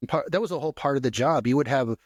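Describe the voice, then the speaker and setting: A man's voice: medium pitch, racing, no echo, clean studio sound. A man co-hosting a podcast, reminiscing in casual chat with lots of ums and restarts. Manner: hesitant, many fillers and restarts. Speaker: podcast co-host.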